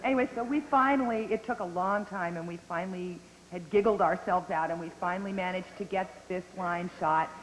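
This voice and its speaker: A woman on a convention panel, telling an anecdote in an animated way and breaking into frequent laughter. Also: lowish voice, fairly quick, hardly any pauses. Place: large convention hall. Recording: echoey hall, faint noise, 1990s audience tape.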